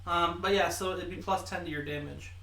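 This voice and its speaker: A man hosting a tabletop game, calmly explaining the rules to his players. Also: high voice, brisk, gravelly. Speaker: host, game master. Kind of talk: casual tabletop game chat.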